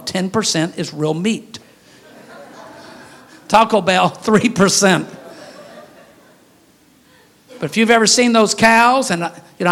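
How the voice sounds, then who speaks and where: A high-pitched man preaching a sermon from the pulpit. His delivery is folksy and joking, and he breaks into sudden loud shouts. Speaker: pastor.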